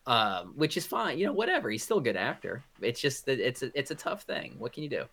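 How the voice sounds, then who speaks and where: A man's voice: medium pitch, big pitch swings, brisk, creaky, a bit bright. A man co-hosting a podcast, chatting casually, rambling with many restarts and a blunt edge. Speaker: podcast co-host. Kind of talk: casual chat.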